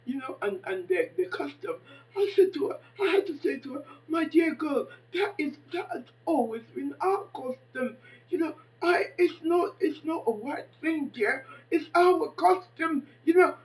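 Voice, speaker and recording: A woman in her fifties giving an impassioned monologue, dramatic and exclaiming, swinging between hushed and loud. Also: high voice, animated, measured pace, distant mic, poor audio. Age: 50s. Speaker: poet and commentator.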